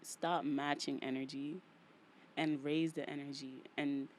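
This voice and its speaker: A woman's voice: low voice, measured pace, slight background noise. A woman with a New York accent hosting a casual solo podcast, talking in a playful, slangy way and repeating phrases for emphasis. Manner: animated, playful, slangy, vents with emphatic repetition. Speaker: podcast host.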